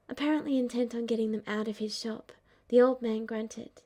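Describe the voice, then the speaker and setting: Measured female fan-fiction narrator. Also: fairly high pitch, steady tone, mellow. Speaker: audiobook reader.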